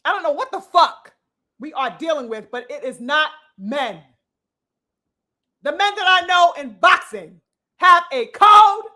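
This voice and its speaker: A woman's voice: high-pitched, sharp tone. A woman giving a preachy, profane boxing rant full of rhetorical questions and elaborate words. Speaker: boxing commentator. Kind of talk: ranting commentary.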